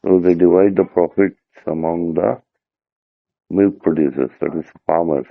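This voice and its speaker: Brief: low, gravelly man tutoring, patient, over a thin phone-like line. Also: measured pace, dry recording. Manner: patient explainer, checks in with "right?". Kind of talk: explaining a term to a student. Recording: dry, tinny phone-like line.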